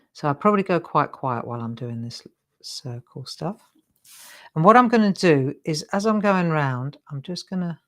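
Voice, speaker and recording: Middle-aged woman, craft show host, lower pitch, chatty and self-mocking. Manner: chatty, self-deprecating, encouraging. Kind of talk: live craft demonstration.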